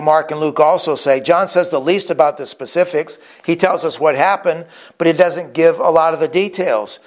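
Pastor guy preaching, earnest, bit of a higher voice, acts out the quotes. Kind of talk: sermon.

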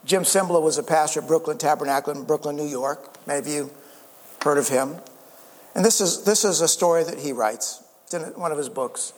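A man's voice: on the high side, a little fast. A male pastor preaching a sermon in an earnest way, with stammered restarts and calls for an amen. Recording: reverberant church hall.

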